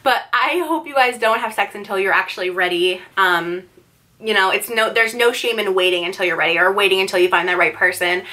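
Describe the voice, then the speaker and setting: A young woman with a bright, forceful voice tells a candid story straight to her viewers. She talks in a chatty run, dropping "like" into nearly every sentence. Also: mid-range voice, brisk. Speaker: vlogger. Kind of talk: casual storytime.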